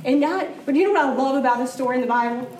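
A woman's voice: high voice, racing, darkish tone. A middle-aged woman teaching a church women's class, earnest and conversational, with emphatic moments. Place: church room. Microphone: distant mic. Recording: roomy, distant mic, background noise.

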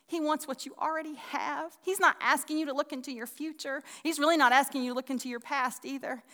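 A woman's voice: high voice, fairly even intonation, fast talker, a bit bright. A woman giving a casual, conversational sermon, folksy and chatty with frequent restarts and asides. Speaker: Bible teacher. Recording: long hall reverb.

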